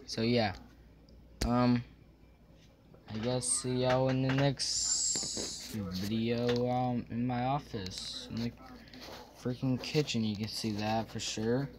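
A man's voice: mid-range voice, fairly even intonation, slow pace, long pauses, a crowd in the background. A young man vlogging casually from a small room at home, rambling with lots of fillers and restarts, forgetting what he meant to say.

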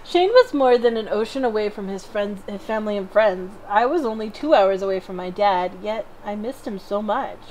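A woman's voice: medium pitch, normal speed, few pauses, a little hiss or hum, rough recording. Giggly woman reading a visual novel. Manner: giggly, reads narration with expressive lift. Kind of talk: let's play narration and banter.

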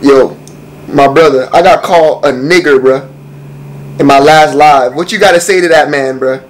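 Young male streamer with a high-pitched voice, brash and profane, roasting strangers in loose slang. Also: normal speed, slight background noise, low-quality recording. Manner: brash, profane slang banter with frequent laughter. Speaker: streamer on a random video chat app. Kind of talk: casual chat, roasting strangers.

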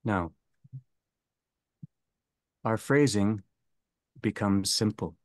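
A man leading a theology seminar, speaking slowly and deliberately and restating each phrase. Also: deep voice, no room sound. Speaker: seminar leader. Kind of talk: theology lecture.

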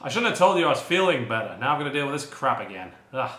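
A man's voice: medium pitch, very animated, racing, pushed and bright, reverberant. A man tasting snacks on camera in casual chat, grumbling and sarcastic. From United Kingdom. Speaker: snack taster.

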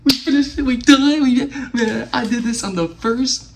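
A young man giving an excited gameplay reaction, loud and exclaiming, swearing and calling everyone "bro". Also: extremely high pitch, normal speed, vocal fry, slight background noise. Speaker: gaming YouTuber. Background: video game music.

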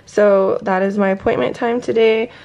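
Gushing young woman with a gravelly voice. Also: mid-range voice, moderate pace, lo-fi sound. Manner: gushing, excited, says "like" a lot. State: teary and emotional; just woke up, sleepy voice. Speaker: vlogger. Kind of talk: casual vlog to camera. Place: at home. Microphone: handheld camera.

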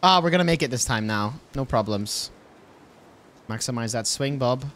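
A man's voice: mid-range voice, lively intonation, normal speed, a bit bright. A man giving casual let's-play commentary, exasperated and swearing as he pleads with his game character. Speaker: gaming video host.

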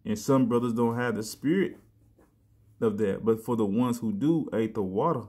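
A man preaching in a relaxed, conversational way, his voice sitting at an ordinary middle pitch. He restarts his phrases, leans on "man" and "you know", and slows down to stress each word when he reads scripture. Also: slightly rough. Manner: reads verses slowly with emphasis. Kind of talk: casual sermon with scripture reading.

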